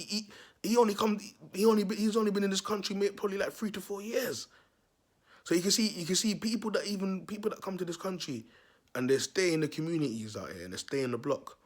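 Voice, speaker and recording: Husky man telling a street story. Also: fairly high pitch. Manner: repetitive, slangy, addresses viewers as people. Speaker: vlogger. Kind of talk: animated storytelling to viewers.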